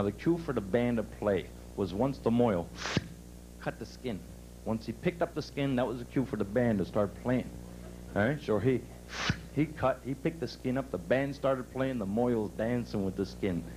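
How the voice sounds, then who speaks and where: A man doing a brash, punchy stand-up comedy set at a resort club, telling jokes and bursting into loud outbursts. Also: mid-range voice, moderate pace, a little hiss or hum, rough recording. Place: resort club stage before a live audience.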